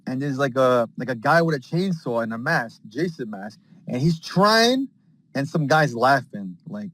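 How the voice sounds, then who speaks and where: A man at a middle pitch spins a rambling, excitable story, stacking fillers and slang as he goes. He talks into a phone from his parked car. The sound is dry and close. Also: moderate pace, no echo, poor audio. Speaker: space participant. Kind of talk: casual chat.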